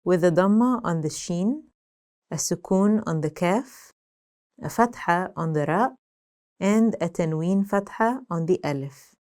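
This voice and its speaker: A woman giving a scripted language lesson, speaking clearly and deliberately, slowing down to say example words. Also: on the low side, a little mellow. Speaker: language teacher.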